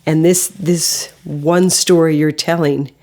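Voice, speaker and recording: A low-pitched woman hosts an interview. She mostly reacts with brief interjections, then offers reflective thoughts on the guest's story. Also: steady tone, slow pace, a little mellow. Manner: short reactions and reflective comments. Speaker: host.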